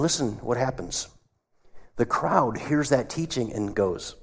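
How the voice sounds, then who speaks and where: Guy giving a sermon, mid-pitch voice, long echo off the church walls. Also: animated, unhurried, gravelly, slightly rough. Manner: acts out quoted voices, drops to a hush for asides. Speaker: pastor. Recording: long hall reverb.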